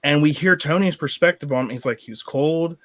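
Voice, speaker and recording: An excitable man on a fan discussion show, talking fast and laughing as he acts out lines. His voice sits a little high for a man. The sound is close and dry, with no room around it. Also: dry recording. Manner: excitable, laughs often, acts out movie quotes. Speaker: podcast host. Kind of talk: casual movie discussion.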